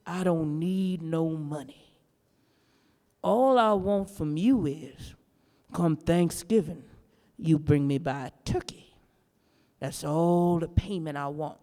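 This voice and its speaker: A woman doing a gruff, menacing old conjurer woman. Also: on the low side, takes it slowly, long pauses, mellow, long reverb tail, voice pushed down. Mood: calm.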